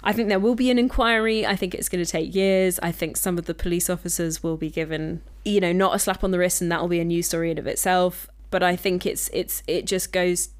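A woman's voice: fairly low pitch, steady tone, a little fast, hardly any pauses. A woman co-hosting a casual podcast chat, blunt and swearing as she explains policy with conviction. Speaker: podcast co-host.

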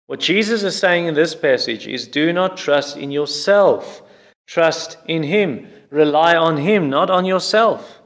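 A man preaching a sermon in an earnest, explanatory way. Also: a little high.

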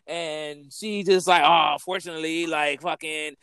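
A man's voice: on the high side, steady tone, normal speed, gravelly, fairly bright tone, clear, resonant tone, no room sound. A man in casual chat, angrily ranting with heavy swearing about his kid's teacher. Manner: heated, profane ranting with laughs. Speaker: parent venting about a teacher.

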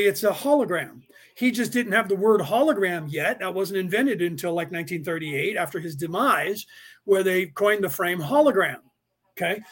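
A middle-aged man with a notably high-pitched voice, teaching a class in an easygoing, unscripted way. He wanders off on tangents and personal stories, circling back to his point as he goes. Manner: rambling, digressive storytelling. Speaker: class teacher and podcast host. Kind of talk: casual spoken lecture.

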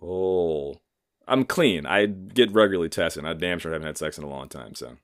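Speaking at a moderate pace with a low, animated voice, a thirty-something man runs a relaxed solo podcast. He's a profane, rambling jokester who keeps mocking himself.

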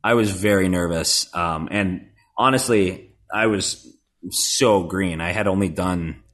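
His voice sits low with a fairly bright tone, and he takes his time. He's a voice actor from Nebraska guesting casually on a podcast, self-deprecating and rambling, with frequent fillers and restarts.

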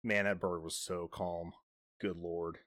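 A man's voice: deep voice, little pitch movement, takes it slowly, a bit bright. A man co-hosting a podcast, chatting casually about a TV episode with dry joking asides. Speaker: podcast co-host. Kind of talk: casual chat, recapping a TV episode.

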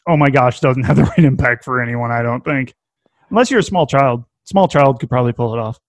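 A man with a Welsh accent in casual podcast chat, animated, laughing often and swearing casually. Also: mid-range voice, fairly quick, dry recording.

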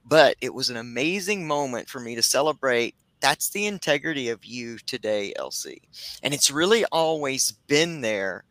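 Man, host, reverend, earnest, emphatic, bright tense voice, dry sound. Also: medium pitch, animated, moderate pace, no room sound, poor audio. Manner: earnest, emphatic, spiritual phrasing. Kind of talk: reflective heartfelt talk.

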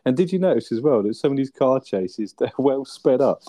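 A man's voice: medium pitch, expressive, a little fast, mellow, no room sound. A man, co-hosting a casual film review chat, laid-back and sweary, often ending with tag questions. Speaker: podcast co-host.

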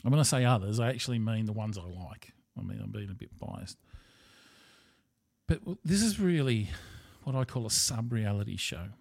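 A man's voice: lowish voice, expressive, moderate pace, creaky, a little mellow, no echo, studio quality. An Australian man rambling through a casual monologue as a podcast host, blunt and profane.

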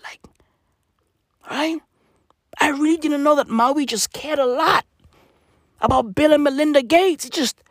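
A man's voice: extremely high pitch, measured pace, pauses often, no room sound, studio quality. A man delivering a satirical rant to camera, slangy and profane, with mock-serious rhetorical questions. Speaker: comedic commentator.

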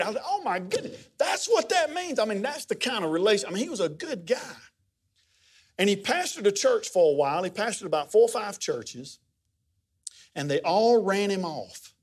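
A middle-aged pastor delivers his sermon in a folksy, conversational way, telling stories with lively swings in pitch.

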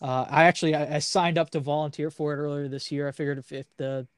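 A podcast co-host talks in a loose, halting way, stumbling over restarts as he thinks aloud. His voice sits a little high for a man, and the sound is close and dry, with no room around it. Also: fairly even intonation, clean tone, no echo. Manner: halting, many restarts and fillers. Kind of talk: casual interview chat.

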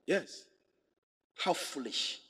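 A man's voice: extremely slow, a bit bright. A male pastor preaching a sermon, emphatic and fond of repeating rhetorical questions to his congregation. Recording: echoey hall with long reverb.

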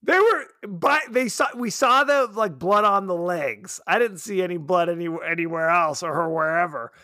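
A man's voice: high-pitched, normal speed, no echo, clean studio sound. A man co-hosting a podcast, chatting casually and jokingly about a horror movie. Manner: joking, animated, teasing. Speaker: podcast co-host. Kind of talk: casual movie review chat.

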